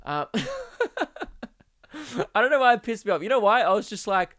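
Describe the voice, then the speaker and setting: A young Australian man hosting a podcast, ranting comically and exasperatedly, jumping into sudden high-pitched outbursts. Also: big pitch swings, normal speed, long pauses, fairly bright tone, no echo, studio quality. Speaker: podcast host. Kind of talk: comedic rant.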